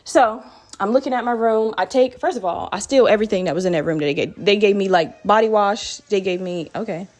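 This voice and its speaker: Woman podcast host, casual and profane storyteller who addresses her listeners directly; mid-pitched voice. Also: a little fast. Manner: profane, animated, talks straight to listeners.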